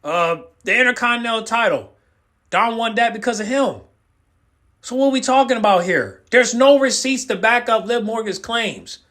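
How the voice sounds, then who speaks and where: A man's voice: extremely high pitch, expressive, normal speed, a bit bright. A man giving ranting reaction commentary as a YouTube host, emphatic and repetitive, hammering the same words over and over. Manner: fired-up, lecturing the viewer.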